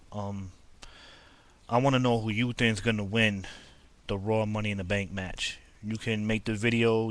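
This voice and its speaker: Young guy talkin wrestling on his channel, lowish flat voice, lots of um and you know. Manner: rambling, laid-back, filler-heavy. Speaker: wrestling vlogger. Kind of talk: casual wrestling review.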